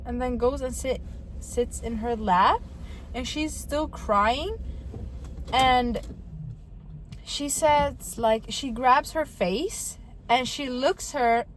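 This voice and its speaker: A woman's voice: sits high, takes it slowly, long pauses. A woman vlogger chatting casually while driving, swearing freely and filling her talk with "like". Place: inside a car. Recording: loud car road noise.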